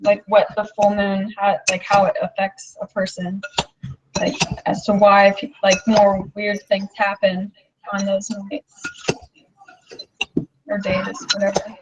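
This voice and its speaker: A woman's voice: medium pitch, completely flat delivery, unhurried, highs cut off, slight background noise. A young woman in casual chat, talking loosely with lots of "like" and easy laughter. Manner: chatty, full of "like", laughs often.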